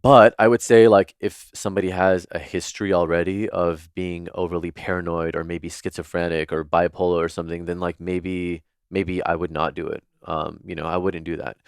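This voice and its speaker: A man with a very deep, smooth, resonant voice tells stories as a podcast guest. He speaks in a chatty, earnest way full of filler words, and the dry close mic picks up no room. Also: level tone, normal speed, hardly any pauses, no echo. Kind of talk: casual storytelling in interview.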